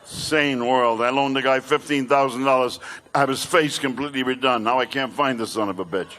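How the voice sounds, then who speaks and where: An older male comedian doing stand-up, telling brash rapid-fire jokes. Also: medium pitch, fairly bright tone, slight background noise.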